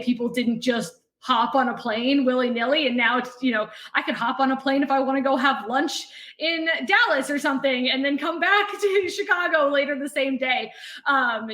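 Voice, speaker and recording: A woman's voice: high-pitched, a bit bright, reverberant. A young adult woman chatting as a podcast guest, explaining things step by step. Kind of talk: casual interview chat.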